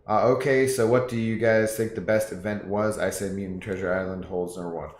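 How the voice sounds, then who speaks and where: A man's voice: lowish voice, fairly even intonation, fairly quick. A man with a Southern US accent, casually chatting with his stream viewers in a rambling way and laughing often. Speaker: game streamer. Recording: roomy room echo, faint music. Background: faint background music.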